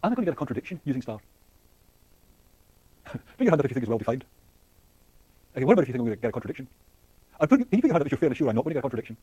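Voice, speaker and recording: A man's voice: medium pitch, big pitch swings, rapid-fire, pauses often, mellow, breathy edge, no room sound. A man giving a university lecture, thinking aloud with many fillers and restarts and putting questions to the class. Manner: asks the class questions and laughs lightly.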